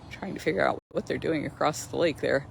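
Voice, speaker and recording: A woman's voice: low voice, fast, gravelly, a little hiss or hum. A woman hosting a casual livestream outdoors near a lake, chatty and enthusiastic, laughing often as she talks into her phone. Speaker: host of a sanctuary livestream. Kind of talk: casual live-stream chat.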